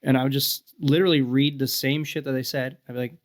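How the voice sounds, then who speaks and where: A man around forty, a podcast guest, telling lively profane stories and acting out what people said. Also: mid-range voice, quick pace, few pauses. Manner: profane, animated storyteller acting out quotes. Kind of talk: casual storytelling chat.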